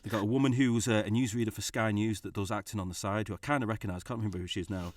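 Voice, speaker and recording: A man, co-hosting a podcast and telling a story in a casual, animated way, swearing and laughing often. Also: fairly low pitch, rapid-fire, dry recording. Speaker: podcast co-host.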